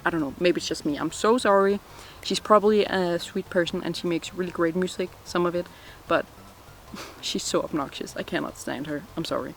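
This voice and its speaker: A woman's voice: lowish voice, a little fast, a little hiss or hum. Giggly chatty woman in her twenties. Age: 20s. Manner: chatty and giggly, full of "like" fillers. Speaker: vlogger answering viewer questions. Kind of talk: casual chat. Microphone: phone.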